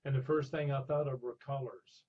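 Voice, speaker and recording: Older man, husky voice, animated storyteller, dull lo-fi recording. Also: medium pitch, brisk. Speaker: interview guest. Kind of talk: storytelling in a conversational interview. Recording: dull lo-fi sound.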